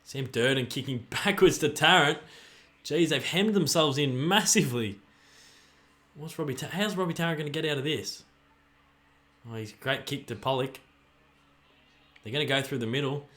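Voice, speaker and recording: An excitable man with an Australian accent hosts a livestream, chatting casually while he cheers and groans at the players in a football match. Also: fairly high pitch, moderate pace, long pauses. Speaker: livestream host. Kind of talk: live watch-along commentary and chat reading.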